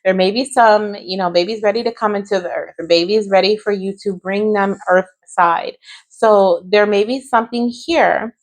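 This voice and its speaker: Woman tarot reader, soft and reassuring, speaks straight to viewers, keeps checking in with them. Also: mid-range voice, normal speed. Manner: gentle, reassuring, often adds "right?" and "okay?". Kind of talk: pick-a-card tarot reading to viewers.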